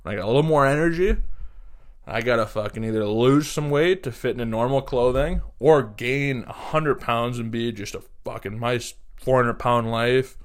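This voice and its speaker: A man's voice: mid-range voice, normal speed. Ranting comic podcast host, a man with a mid-range voice, exasperated and foul-mouthed. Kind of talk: comedic rant.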